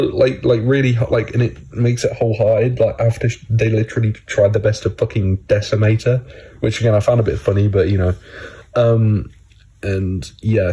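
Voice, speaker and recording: A man's voice: on the low side, dark tone, husky, low-quality recording. A man casually recapping a TV episode for his channel, rambling with lots of filler words and swearing.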